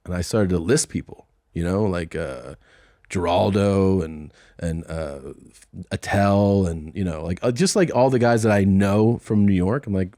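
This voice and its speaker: A lower-voiced middle-aged man on a podcast, recorded dry and close. He talks in a relaxed, rambling way and slips in and out of the people he quotes. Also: a little slow, dry recording. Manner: laid-back anecdote telling, acting out quoted exchanges. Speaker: podcast host and comedian. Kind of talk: casual chat, storytelling. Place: podcast studio. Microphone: studio microphone.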